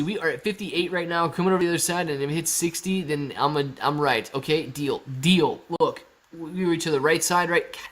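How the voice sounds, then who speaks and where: Upbeat young guy from Ohio, stock stream host, chatty and joking, a touch higher pitched. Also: moderate pace, fairly bright tone. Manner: upbeat, jokey, talks to chat and a dog. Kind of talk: casual live chat reading comments.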